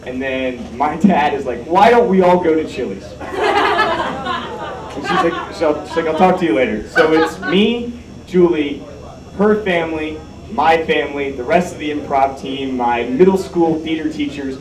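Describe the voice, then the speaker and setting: A young man telling a comic story on stage, self-mocking and animated, acting out what people said. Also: a little high, a little slow, a crowd in the background. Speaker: live storyteller. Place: large hall with live audience. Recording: echoey hall, mic at a distance, audience heard.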